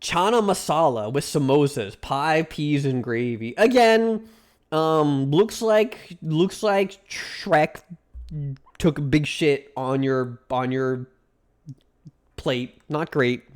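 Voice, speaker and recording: A man with a smooth, fairly high voice streams live, reacting to food pictures and chatting with viewers. His casual banter is rambling, crude, and jokey, and he drags out the names of foods.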